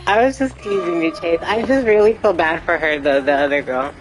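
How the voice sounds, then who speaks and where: A woman's voice: on the low side, fairly quick, faint music behind, rough recording. Giggly apologetic young woman streamer. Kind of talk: casual gameplay commentary.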